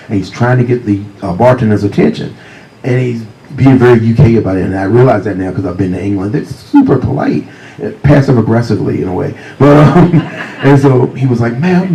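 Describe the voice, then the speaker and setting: A man with a deep voice telling humorous anecdotes as a guest author at a library talk, speaking close to a handheld mic. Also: creaky, slight background noise, low-quality recording. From Virginia, USA. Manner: warm, humorous anecdotes, often laughing. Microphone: handheld mic close to mouth.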